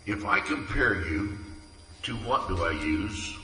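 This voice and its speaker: A man's voice: low-pitched, lively intonation, slow, sharp tone, a little hiss or hum. A man earnestly reading his own poems aloud at a community event, tender and heartfelt. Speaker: poetry reader. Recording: echoey room from far off.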